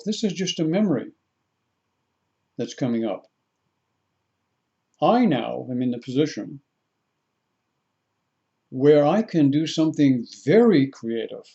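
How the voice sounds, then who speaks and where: Slow, deliberate man guiding a meditation. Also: fairly high pitch, warm tone, dull audio. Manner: slow, deliberate, repeats phrases for the listener. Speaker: spiritual teacher. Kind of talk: guided meditation talk.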